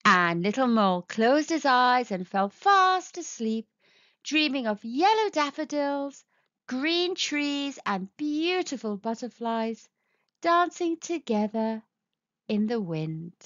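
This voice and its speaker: A woman reading a children's storybook aloud in a slow, sing-song, expressive way. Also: high-pitched, no echo. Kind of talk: children's read-aloud narration. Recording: dull lo-fi sound.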